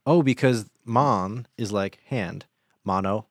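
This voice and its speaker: Playful low-voiced man joking around. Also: slow pace, no room sound, studio quality. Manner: playful, rambling, jokey riffs. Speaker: podcast co-host. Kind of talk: casual banter.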